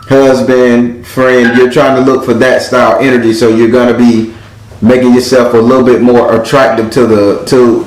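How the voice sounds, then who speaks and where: Blunt, profane male card reader, mid pitch, echoey room. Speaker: tarot reader. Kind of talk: live spiritual card reading.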